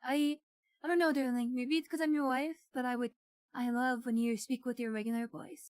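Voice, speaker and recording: High-voiced playful woman streamer. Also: fairly even intonation, moderate pace, a little mellow, smooth, no echo. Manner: playful and teasing, calls partner darling. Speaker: streamer co-host. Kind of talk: casual stream chat.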